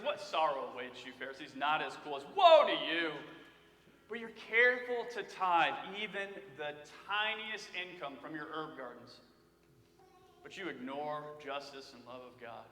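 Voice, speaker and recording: A man's voice: a little high, sharp tone, a little hiss or hum. A man in his thirties preaching a sermon in a church, telling stories in a loose, joking, conversational way. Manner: conversational storytelling with humor. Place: church sanctuary. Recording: echoey church hall.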